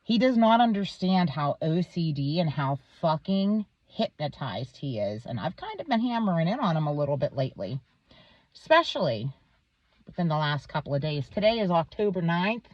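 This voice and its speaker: A woman's voice: sits low, big pitch swings, normal speed, no room sound. A woman in her thirties, a vlogger in a heated, profane rant, swearing constantly. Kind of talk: profane ranting monologue. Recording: dull, dry lo-fi recording.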